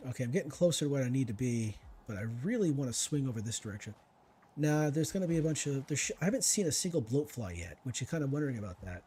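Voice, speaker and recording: A male streamer talks through his game in a loose, chatty way, needling the enemies and musing aloud. His voice is husky and mellow, and his pitch swings widely as he reacts. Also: expressive, fast talker. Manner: chatty, talks to himself and to enemies while playing. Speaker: gaming streamer. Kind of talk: casual let's-play commentary.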